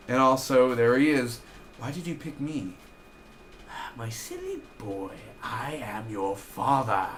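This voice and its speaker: A young man casually recapping and reviewing a TV episode in an excitable, chatty way, peppering his talk with "basically" and "man.". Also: on the low side, slight background noise. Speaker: TV show reviewer. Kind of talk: casual spoiler review vlog.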